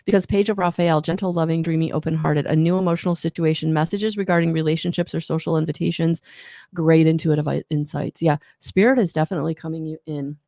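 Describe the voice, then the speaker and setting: A woman's voice: low voice, fairly even intonation, fast talker, gravelly, warm tone, dry recording, studio quality. A woman giving a live oracle card reading, rambling and encouraging, often correcting herself mid-sentence. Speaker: intuitive card reader.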